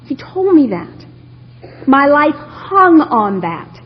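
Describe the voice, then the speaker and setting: A woman's voice: high-pitched, very animated, slow. A woman from Texas sharing her own story at a recovery meeting, telling it with humor and frequent laughter. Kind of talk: personal recovery share to a live audience. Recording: lo-fi tape of a talk in a hall.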